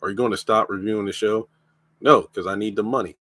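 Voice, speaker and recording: A man's voice: fairly low pitch, steady tone, fast, fairly bright tone, dry recording. A man with a lingering cough, bluntly reviewing a TV show in a casual live stream. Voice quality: blunt, opinionated.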